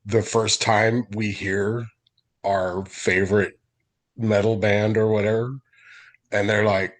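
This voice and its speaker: A man's voice: on the low side, little pitch movement, slow. A man from the United States chatting casually and laughing often as he tells a story, heard over a video call. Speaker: participant in an online group chat. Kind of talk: casual chat.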